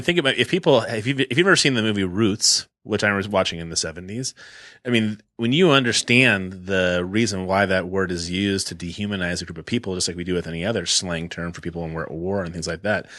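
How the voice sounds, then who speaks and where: A low-pitched middle-aged man speaks quickly as a podcast co-host, recorded cleanly in a studio with no room sound. In casual chat, he tells a story animatedly, acting out the scenes.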